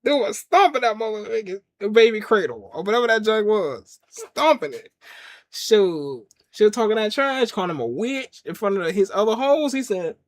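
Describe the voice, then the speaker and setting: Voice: medium pitch, big pitch swings, normal speed. A show reviewer casually retelling a scene in slangy talk, laughing often and acting out quotes.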